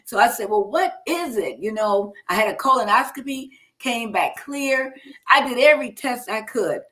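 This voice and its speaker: A woman's voice: on the high side, normal speed, sharp tone. Middle-aged woman hosting a live health talk, telling her story with lots of expression, acts out the doctors' lines. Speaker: host.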